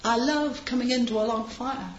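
A woman's voice: a little high, moderate pace, a little hiss or hum. Chatty woman preaching in a roomy hall. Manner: chatty, anecdotal, with frequent asides and light laughs. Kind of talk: informal sermon. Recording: roomy, slightly dull hall recording.

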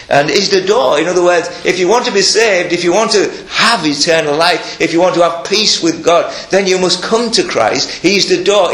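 A man's voice: on the high side, a bit bright, roomy sound. An older man preaching a sermon, earnest and emphatic, mixing scripture with personal stories.

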